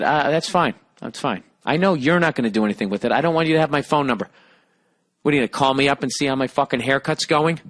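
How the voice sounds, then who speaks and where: A man's voice: a little high, lively intonation, quick pace, a bit bright. A man hosting a solo podcast, reading listener mail aloud and ranting with heavy swearing and sarcasm from a hotel room on a single microphone. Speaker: podcast host.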